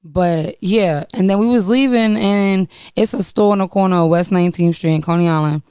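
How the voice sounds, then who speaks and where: New girl chatting on her podcast, kinda low voice, swears a lot, super dry mic. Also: normal speed, smooth, dry recording. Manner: animated, slangy, swears freely. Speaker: podcast host. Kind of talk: casual chat.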